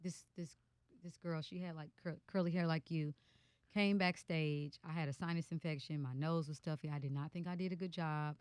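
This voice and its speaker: A woman's voice: low-pitched, moderate pace, smooth, dry recording. A woman in her thirties, a guest musician in a casual radio interview, telling stories with lots of fillers in a studio. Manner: animated storyteller, many fillers.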